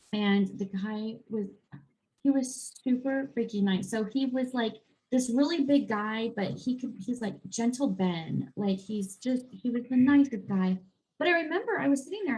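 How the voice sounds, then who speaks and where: A woman health and life coach chatting casually in a podcast interview, telling a personal story and acting out her own thoughts in animated bursts. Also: fairly high pitch, rough recording. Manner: animated, quick swings into acted-out inner voices.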